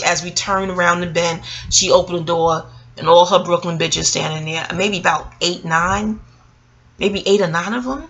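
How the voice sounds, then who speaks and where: A woman, telling a personal story in a casual vlog. She talks in an animated, profane, slangy way. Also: normal speed. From Queens, New York. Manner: animated, profane, street slang, jumps up in pitch for quoted voices. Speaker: vlogger.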